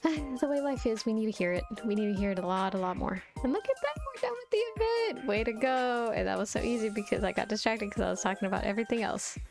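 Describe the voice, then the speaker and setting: A woman's voice: mid-range voice, fast talker, vocal fry, hardly any pauses. A woman streamer chatting casually and rambling while she plays a video game, laughing often. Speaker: VTuber streamer. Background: faint game music.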